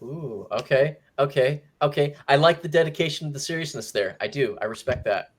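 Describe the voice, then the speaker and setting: A man hosting a casual movie review chat, animated and jokey, slipping into mock voices. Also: mid-range voice, brisk, husky. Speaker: movie review podcast host.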